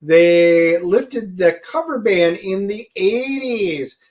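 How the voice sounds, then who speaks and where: A man's voice: high voice, expressive, slow pace. A man co-hosting a comic book show, casually and enthusiastically explaining things to viewers. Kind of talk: casual chat.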